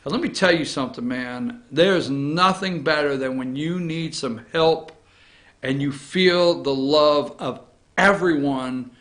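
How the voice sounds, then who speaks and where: Man, opinion show host, bright tense voice, fairly high, blunt, sarcastic, rambling. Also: unhurried. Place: office studio.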